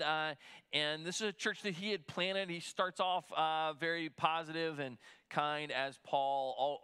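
A man's voice: a little high, pushed and bright, clear, resonant tone. A middle-aged man, a pastor, giving a conversational sermon with a personal story, talking in restarts and fillers.

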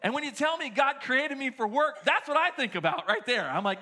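Middle-aged male pastor, sermon delivery, bright tone, animated storyteller with frequent restarts. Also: very high voice, brisk. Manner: storytelling, animated, shouting quoted lines.

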